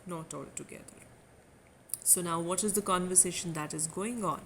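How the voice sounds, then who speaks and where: A woman's voice: lowish voice, fairly quick, fairly bright tone, a little hiss or hum, poor audio. A woman with an Indian English accent, a literature lecturer explaining a poem line by line, reading quoted lines with emphasis before paraphrasing them.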